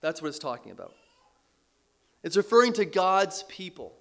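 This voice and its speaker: A man preaching a sermon with earnest emphasis, repeating key phrases and letting his voice drop low at the ends of lines, with the odd light laugh. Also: sing-song, normal speed, gravelly, fairly bright tone. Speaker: pastor.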